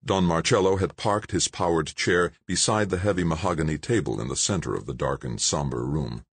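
Very deep-voiced man reading a novel. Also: a little fast, vocal fry, breathy edge, no echo. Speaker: audiobook narrator. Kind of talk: scripted narration.

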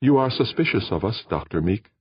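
A man voicing a calm, courteous male alien host who speaks in a polite, measured way. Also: on the low side, husky, dry recording, highs cut off, voice pushed up.

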